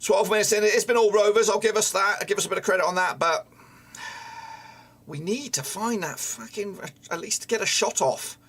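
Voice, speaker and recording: A man's voice: high voice, normal speed, a bit bright, slightly rough. A man streaming a live football watchalong who is frustrated, swears often and talks at the players on screen. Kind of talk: live match watchalong commentary.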